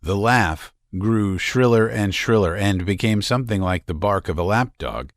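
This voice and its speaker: Casting: male audiobook narrator, fairly low voice, dry close recording, measured delivery. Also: animated, no room sound. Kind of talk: scripted literary narration.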